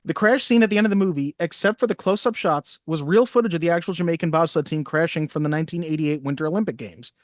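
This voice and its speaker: A man co-hosting a casual movie podcast, reading trivia facts briskly and chatting. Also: fairly high pitch, no room sound, clean studio sound. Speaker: podcast co-host.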